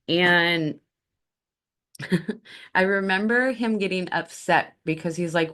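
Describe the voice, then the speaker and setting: A woman's voice: fairly low pitch, steady tone, slow, long pauses, fairly bright tone. A woman host telling a personal story in a candid, conversational way, with a wry edge. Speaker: spiritual podcast host.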